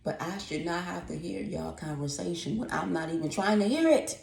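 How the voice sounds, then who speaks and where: A woman's voice: low-pitched, steady tone, moderate pace, vocal fry, slight background noise. A woman, ranting in a casual, profane, rambling vlog about her apartment. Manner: exasperated, profane, rambling rant. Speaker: vlogger. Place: apartment at home. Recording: echoey room.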